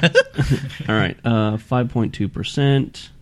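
A man hosting a casual beer tasting, reading the label slowly and stumbling over small print. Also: medium pitch, lively intonation.

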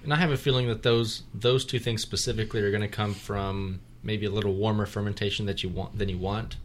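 Easygoing low-voiced man co-hosting a podcast. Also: fairly even intonation, fast talker, a little hiss or hum. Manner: easygoing, jokey, trails off with fillers. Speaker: podcast co-host. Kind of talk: casual beer-tasting chat.

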